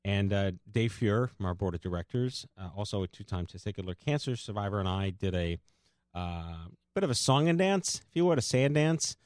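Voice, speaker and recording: A man's voice: fairly low pitch, lively intonation, moderate pace, a little mellow, dry recording, studio quality. A man hosting a podcast, chatty and joking, sometimes tripping over his words. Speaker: podcast host. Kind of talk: casual chat.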